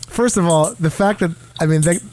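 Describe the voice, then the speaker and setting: A man hosting a podcast in casual comedic chat, swearing freely and animated. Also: fairly high pitch, moderate pace, a little hiss or hum. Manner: profane, animated, acts out quotes. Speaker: podcast host. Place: New York.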